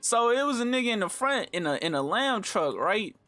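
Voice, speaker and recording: A young man, likely a storytime YouTuber, rambles through a story over gameplay in casual, profane slang. His brisk, pushed, bright voice swings widely in pitch as he acts out the quoted lines, and the recording has no echo.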